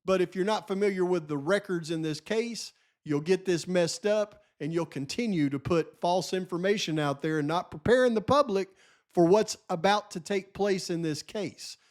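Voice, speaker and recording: A man with a fairly high voice speaks alone as a channel host. He talks in an insistent, lecturing way and hammers home each point. An edge of frustration runs under his commentary. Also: moderate pace, darkish tone. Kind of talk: solo true-crime commentary.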